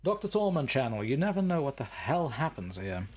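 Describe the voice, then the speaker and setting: A man's voice: mid-range voice, sing-song, a little fast, darkish tone. A man hosting a let's play, joking and sarcastic as he talks to the creatures in the game. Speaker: gaming channel host.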